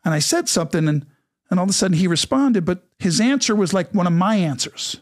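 High-pitched middle-aged guy telling stories on an interview show, acts out the voices in them, dry close sound. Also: fast, no room sound. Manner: animated, acts out quoted dialogue. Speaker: interview guest. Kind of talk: storytelling in a casual interview.

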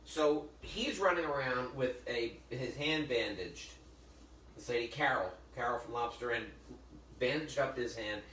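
A man's voice: medium pitch, a little slow, fairly bright tone, slight background noise. A middle-aged man hosting a casual cooking demonstration in a kitchen, chatting and joking with viewers and telling stories as he works. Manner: chatty storyteller, jokey asides to viewers. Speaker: cooking show host. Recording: echoey room from a distance, faint ambience.

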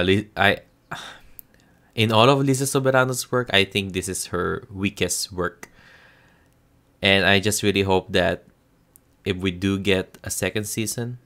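This show reviewer is a Filipino man from the Philippines who speaks with a Filipino accent in a low, slightly bright voice. His casual review stumbles along, filled with ums and restarts.

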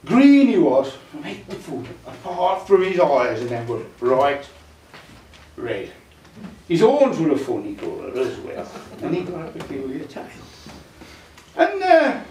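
A man spins a comic folk tale, his high voice swinging widely up and down as he chats to the crowd. He was recorded from out among the audience, so the room's echo rings around him. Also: wildly swooping pitch, unhurried, pauses often, a little mellow, recorded from a distance, a little hiss or hum. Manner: chatty, dialect-laced, addresses audience. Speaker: folk club storyteller. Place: folk club room. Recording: roomy club sound from afar.

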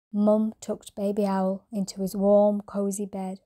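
A woman calmly reading a bedtime story aloud as storyteller. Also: medium pitch, unhurried, hardly any pauses. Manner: calm, gentle reading.

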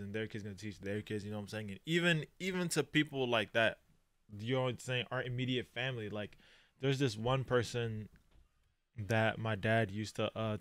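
A man hosting a reaction video, talking heartfelt and slang-heavy, swinging from quiet reflection to loud exclamations. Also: lowish voice, clean tone, no echo. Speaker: reaction channel host. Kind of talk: reacting to an anime.

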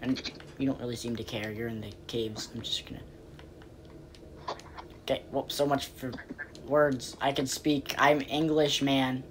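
A woman commentating casually on her game, rambling and playfully exasperated, breaking into quick pleading outbursts. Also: extremely low pitch, steady tone, a little hiss or hum. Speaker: game player.

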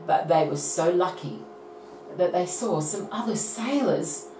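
Woman phonics teacher, slow lively delivery, low-ish voice, roomy echo from a distance. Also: a little hiss or hum. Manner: animated, coaxing children to join in. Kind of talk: storytelling lesson for young children.

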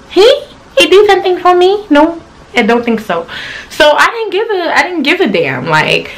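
A woman's voice: medium pitch, fairly bright tone. A young woman, telling a storytime vlog in a blunt, slangy, profane way. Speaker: channel host.

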